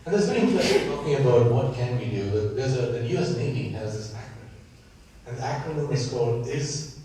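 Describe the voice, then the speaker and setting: Man, Indian accent, panel moderator, earnest, mellow tone, distant echoey mic. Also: mid-range voice, animated, fast, a little hiss or hum. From San Diego. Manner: earnest, engages with "right?". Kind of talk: panel discussion. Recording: echoey room, from far off.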